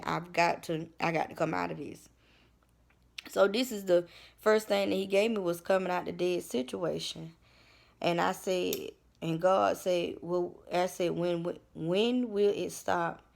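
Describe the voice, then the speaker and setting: A woman's voice: lowish voice, gravelly. A woman, giving a personal testimony in an earnest, preacherly way that repeats phrases. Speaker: vlogger sharing testimony.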